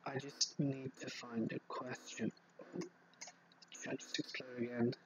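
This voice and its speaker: A man hosts a relaxed live stream, chatting and answering viewers with many pauses and restarts. His voice sits at an ordinary middle pitch. A faint hiss runs underneath. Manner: chatty, hesitant, with frequent fillers and restarts. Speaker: horror story narrator and channel host. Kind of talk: casual live stream chat.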